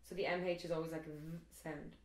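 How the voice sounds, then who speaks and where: A woman's voice: low-pitched, level tone, fast. A young Irish woman hosting a casual language lesson, asking eager, curious questions. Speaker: host and Irish teacher. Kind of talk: casual explanatory chat. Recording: roomy echo.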